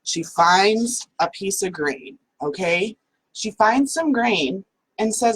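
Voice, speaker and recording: A woman's voice: medium pitch, lively intonation, takes it slowly, slightly rough, rough recording. A woman hosting a casual talk from home, chatty and full of "like" fillers. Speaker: host.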